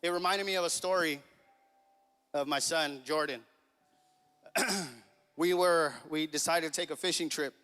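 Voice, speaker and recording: Bright-voiced pastor man in a reverberant church. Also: a little high, steady tone, unhurried, pauses often, clean tone, soft background music. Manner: casual, chuckling, acts out dialogue. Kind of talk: sermon with a storytelling anecdote. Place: church sanctuary. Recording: long reverb of a church hall.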